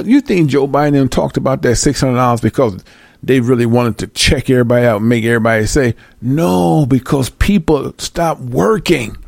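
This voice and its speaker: A man's voice: medium pitch, vocal fry, a little mellow, no echo. A man delivering a heated, profane monologue rant, repeating phrases for emphasis.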